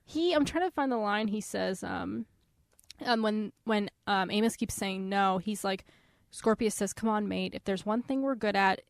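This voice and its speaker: A woman co-hosting a casual book-discussion podcast, animated, laughing often and breaking into loud exclamations. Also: medium pitch, normal speed, creaky, clean tone, no room sound, clean studio sound. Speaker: podcast co-host.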